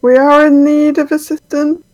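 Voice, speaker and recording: A woman voicing a weary, high-ranking human woman stranded with her crew, tart and sarcastic. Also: flat delivery, normal speed, a little mellow, no room sound, natural voice. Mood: weary pleading.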